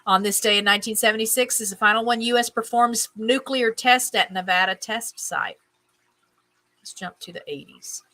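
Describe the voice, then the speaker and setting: A woman's voice: a little high, steady tone, normal speed, pushed and bright, low-quality recording. A woman hosting a casual stream, reading items aloud, tripping over names, and adding chatty musing asides. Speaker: host.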